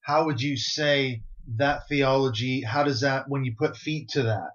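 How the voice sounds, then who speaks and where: A man's voice: mid-range voice, fairly even intonation, a little slow, a bit bright. American man, podcast host, friendly conversational questions, dull lo-fi recording. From United States. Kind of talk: podcast interview.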